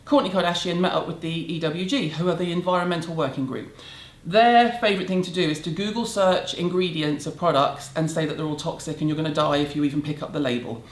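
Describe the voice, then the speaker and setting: Blunt British woman ranting, roomy echo. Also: fairly low pitch. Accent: British English. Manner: blunt, sarcastic, emphatic. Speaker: beauty vlogger. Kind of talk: casual rant to camera. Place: home room in a city.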